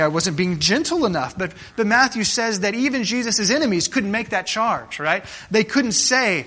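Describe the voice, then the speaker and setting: A man's voice: sits high, lively intonation, fairly quick, hardly any pauses, pushed and bright, breathy edge. A man preaching a sermon in a conversational way, asking the congregation rhetorical questions, often restarting and repeating words. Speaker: pastor.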